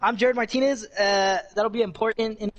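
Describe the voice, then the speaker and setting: A teenage boy co-hosting a podcast in casual chat over a voice call, joking and excitable and swearing casually. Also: high voice, moderate pace. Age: teens. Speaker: podcast co-host.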